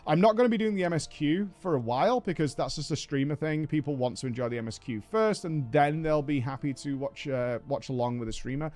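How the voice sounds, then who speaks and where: A man's voice: a little high, brisk, few pauses, darkish tone. A man casually reporting on a game press event, chatty and hedging, with frequent fillers. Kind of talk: casual video commentary.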